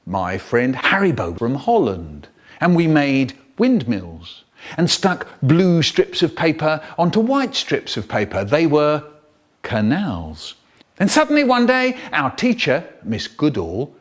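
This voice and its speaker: A man telling a school story to children in an animated, theatrical way. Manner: animated, theatrical storytelling with sudden jumps in pitch. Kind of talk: storytelling for children, cut up in a remix.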